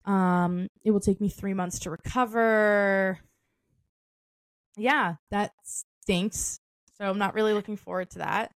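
A woman's voice: medium pitch, steady tone, slow, dry recording. A young woman co-hosting a podcast in casual chat, loose and talkative, with lots of "like" and "um" fillers and frequent laughter. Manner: chatty, full of "like" and "um" fillers, laughs often. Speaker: podcast co-host.

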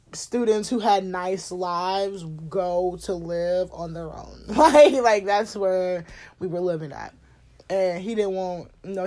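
A young woman telling a personal story in a candid, profane, laughing way, getting loud when she acts out scenes. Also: medium pitch. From Cincinnati, USA. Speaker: podcast host. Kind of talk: casual storytelling monologue.

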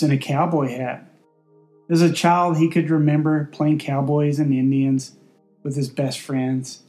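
A man narrating a story in a steady, deadpan way. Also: on the high side.

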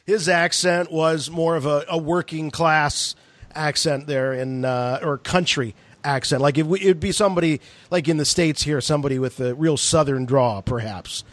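A man co-hosting a podcast, asking long, measured questions. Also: fairly high pitch, dry recording. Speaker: podcast co-host. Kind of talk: interview questions.

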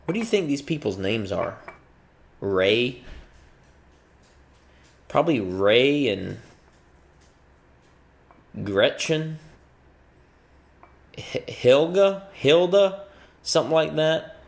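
A man's voice: mid-range voice, extremely slow, gravelly, pauses often. A man delivering a profane comedic rant, bouncing between musings and acted-out voices. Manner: profane, animated, acts out voices mid-rant.

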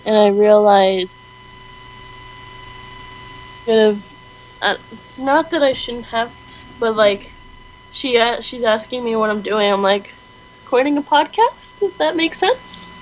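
A woman's voice: a little high, expressive, unhurried, a little hiss or hum, rough recording. A young woman co-hosting a podcast, telling rambling stories with giggles in a casual chat. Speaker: podcast co-host.

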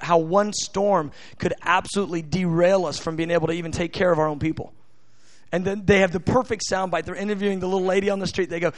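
An American man delivers a sermon in a fairly high voice, his delivery halting with many restarts before it swells into shouted, impassioned prayer. The sound is dry and close, with little room around it. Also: no echo. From United States. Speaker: preacher.

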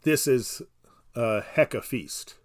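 A man teaching scripture in an easygoing conversation. He explains patiently and often restarts his sentences. A dry humor runs under his mid-pitched voice. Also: takes it slowly. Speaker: Bible teacher. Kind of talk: casual Bible study podcast.

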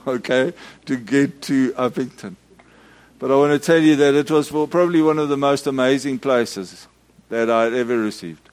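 Man preaching a story sermon. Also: mid-range voice. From South Africa. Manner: storytelling with frequent restarts and acted shouts. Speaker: Methodist minister.

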